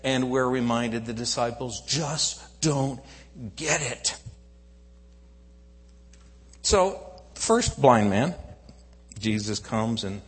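Male pastor, mid-pitched, lively sermon storyteller; echoey church hall. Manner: animated storytelling, swinging from loud to hushed.

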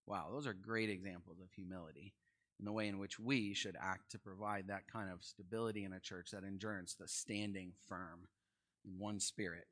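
A young man teaching a Bible study in a conversational, animated way, asking his listeners questions. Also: low voice, normal speed.

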